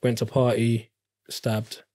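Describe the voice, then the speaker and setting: A man's voice: mid-range voice, completely flat delivery, slow pace, mellow. Guy in his 30s, guest on a podcast, candid and slangy. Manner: candid storytelling, street slang. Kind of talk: casual interview chat.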